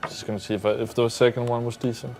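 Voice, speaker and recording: A man's voice: medium pitch, level tone, fast, vocal fry, a little mellow, faint music behind. A man playing a racing game on a livestream, chatting casually and mocking himself with a laugh. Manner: joking, self-mocking, laughs often. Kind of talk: casual gaming banter.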